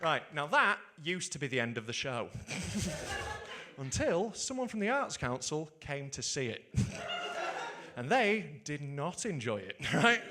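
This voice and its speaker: A young adult man from the UK doing stand-up comedy. He is sweary and animated and keeps checking in with "right?". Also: fairly high pitch, a little slow, noisy background. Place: stage before a live audience.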